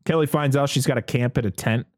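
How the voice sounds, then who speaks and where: A man's voice: mid-range voice, quick pace, no room sound. Dry, profane man recapping a movie. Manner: profane, animated retelling with acted quotes. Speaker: podcast co-host. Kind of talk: casual movie recap chat.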